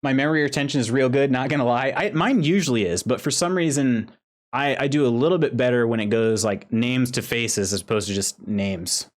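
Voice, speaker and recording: A man streaming a video game who laughs often, exclaims loudly and reads out viewers' chat messages. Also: medium pitch, brisk. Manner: giggly, exclaiming, reading chat aloud. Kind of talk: casual live-stream commentary.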